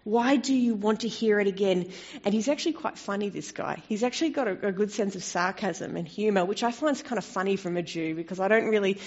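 A woman preaching a sermon in a conversational way, turning expressive when she quotes scripture. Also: medium pitch, quick pace, hardly any pauses. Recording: dull lo-fi recording.

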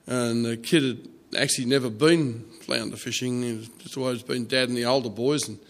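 A man preaching a sermon, telling a story softly with fillers and restarts. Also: mid-range voice, fairly even intonation. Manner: storytelling, soft and halting with fillers.

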